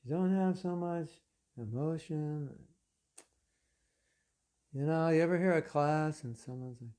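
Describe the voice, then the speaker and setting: A man giving a spiritual lecture to an online class, telling stories in an animated, conversational way with casual fillers. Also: on the high side, a little slow, clean tone. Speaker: spiritual teacher.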